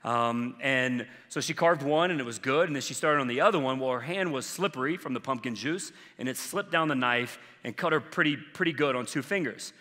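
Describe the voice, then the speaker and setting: A pastor preaches an earnest, conversational sermon with casual fillers, in a medium-pitched, sharp voice, a little fast and with few pauses. He's in a church sanctuary, and the large hall gives the recording long reverb.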